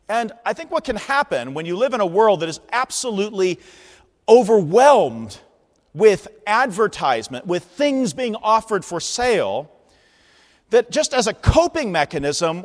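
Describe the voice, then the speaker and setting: Man, pastor, sermon, very lively pitch, shouts out calls, church reverb. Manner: animated, shouting out heralding calls. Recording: long reverb of a large hall.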